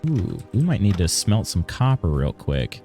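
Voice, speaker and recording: A man's voice: low voice, moderate pace, faint music behind. A man streaming a video game live, chatting casually and thinking aloud as he plays. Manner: relaxed, chatty, thinks aloud while playing.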